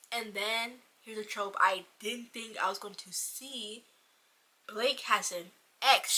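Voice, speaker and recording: A woman giving a casual, profane, rambling book review in an animated ranting manner. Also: on the high side.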